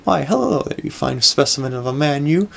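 A man's voice: fairly high pitch, lively intonation, fairly quick, creaky, slight background noise. A man doing a flirty refined lady. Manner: flirty, genteel.

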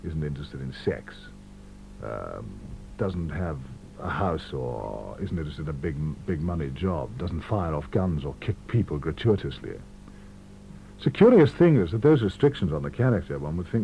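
A man in his forties, an actor, talking expansively in a radio interview, full of animated anecdotes. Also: very deep voice, moderate pace, gravelly. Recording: muffled 1970s radio archive with hum.

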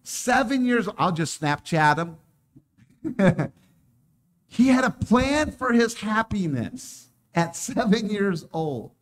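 A man's voice: high-pitched, sing-song, takes it slowly. A man preaching a casual sermon, joking and laughing often as he talks.

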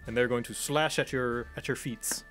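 A man's voice: mid-range voice, fairly even intonation, normal speed, fairly bright tone, faint music behind. Laid-back man narrating as game master.

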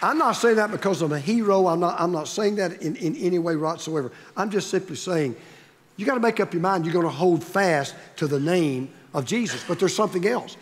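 High-voiced man preaching in a hall. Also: expressive, fairly quick, a faint crowd, slight background noise. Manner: emphatic, repetitive preaching with rising stresses. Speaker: pastor. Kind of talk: sermon. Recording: long reverb of a large hall.

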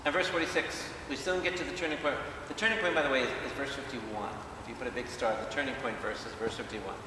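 Animated preaching man in an echoey hall. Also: mid-range voice, fast, noisy background. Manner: animated, questions the audience, acts out quotes. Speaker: priest leading Bible study. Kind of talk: lively preaching to a congregation. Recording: echoey hall, speaker far from mic.

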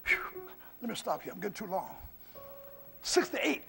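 Older male pastor, gravelly high voice, preaching with swings from hush to shout. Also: big pitch swings, normal speed, faint music behind. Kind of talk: storytelling sermon.

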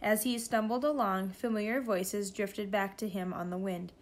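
A woman reading a children's novel aloud in a steady, expressive storytelling way. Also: medium pitch, normal speed. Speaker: reader.

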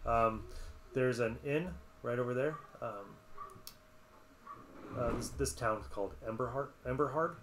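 A man's voice: mid-range voice, a little slow, long pauses, noisy background. A man running a tabletop adventure as game master, talking casually with many fillers and restarts.

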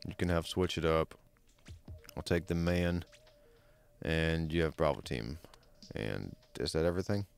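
A man streaming a video game, chatting casually and excitably with his friends, swearing now and then. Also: unhurried, creaky, long pauses, smooth. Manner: excitable, swears, pitch jumps when hyped. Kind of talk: casual gameplay commentary. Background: faint game music.

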